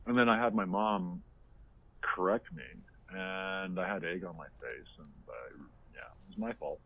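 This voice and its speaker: A man's voice: low voice, animated, brisk, husky. A man co-hosting a podcast in casual, opinionated chat, rambling with lots of fillers and restarts, heard over a tinny phone-like line. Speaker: podcast co-host.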